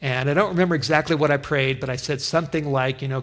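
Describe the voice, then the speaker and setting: A man's voice: a little high, fairly even intonation, fast, hardly any pauses, a bit bright. A man preaching, telling a personal testimony in an earnest way, with frequent restarts. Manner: earnest storytelling with many restarts. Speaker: pastor. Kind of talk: sermon testimony.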